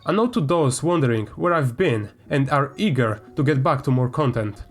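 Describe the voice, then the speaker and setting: A man's voice: medium pitch, lively intonation, moderate pace, soft background music. A man, a gaming YouTuber, reads a statement aloud and breaks into heated, swearing commentary. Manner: heated, swearing, flares up loudly. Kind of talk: reading aloud and ranting commentary.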